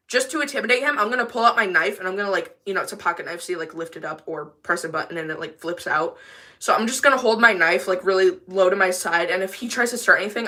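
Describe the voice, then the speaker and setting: A woman talks into a livestream from her bathroom with a bright, clear-edged voice. She rants in a casual, rambling way and stays emphatic and defiant. She is firm and unapologetic. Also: mid-range voice. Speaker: livestreamer with a service dog.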